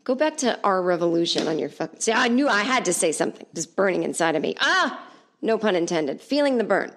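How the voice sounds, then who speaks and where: A woman's voice: mid-range voice, expressive, fairly quick, fairly bright tone. A woman from Los Angeles telling a comedy story at home on her podcast, chatty and sarcastic and swearing freely.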